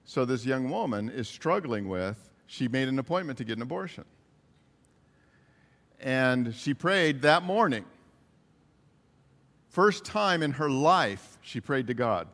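A man's voice: mid-range voice, lively intonation, unhurried, a bit bright, in a large hall. A man preaching a sermon, earnestly retelling stories with quoted dialogue. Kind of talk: sermon storytelling.

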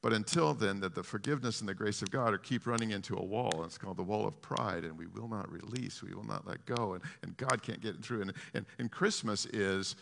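Preacher: man, low gravelly bright voice, impassioned, hushed-to-loud swings, long hall reverb. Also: fairly quick, few pauses, slight background noise. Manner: repetitive, restarting phrases. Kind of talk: sermon.

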